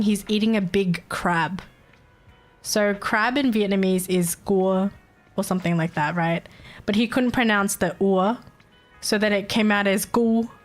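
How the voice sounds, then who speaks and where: A young Australian woman streaming live, chatting casually in a rambling, giggly, playfully crude way. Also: mid-range voice.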